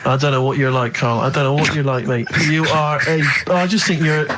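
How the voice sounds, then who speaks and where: A man's voice: a little high, fairly even intonation, a little fast, heavy background noise. A man co-hosting a radio show, teasing his guest in mock outrage during casual banter. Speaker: radio co-host. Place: radio studio.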